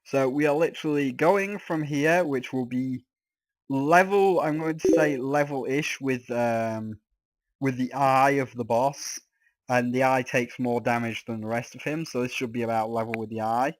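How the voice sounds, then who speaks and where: A man's voice: medium pitch, normal speed, dry recording. Exasperated ranting man, dry sound. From England. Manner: ranting, exasperated, swears freely. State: slightly sore throat. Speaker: let's play host. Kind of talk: casual gameplay commentary.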